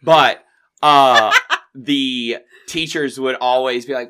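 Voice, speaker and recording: A man's voice: mid-range voice, fairly even intonation, slow pace, very noisy. Man, Southern US accent, young adult, rambling, joking, casual chat guest.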